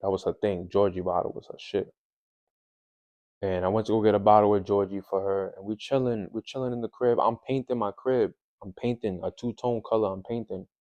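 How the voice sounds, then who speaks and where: New guy on his podcast, lowish dark voice, rambling, lots of "you know". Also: muffled recording. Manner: candid, rambling, heavy on fillers and street slang; hushed and subdued later on. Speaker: podcast host. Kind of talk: casual personal storytelling.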